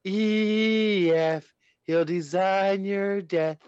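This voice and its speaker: A man voicing a little girl chanting a creepy sing-song rhyme, slowly. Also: high-pitched, darkish tone, clear, resonant tone, no room sound, highs cut off. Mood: eerie.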